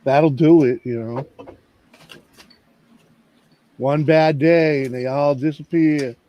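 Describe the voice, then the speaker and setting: A man's voice: on the high side, steady tone, a little slow, highs cut off. A man from the northeastern United States chatting casually on a stream, laid-back and full of fillers and laughs. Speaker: host's partner joining the stream. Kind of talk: casual chat.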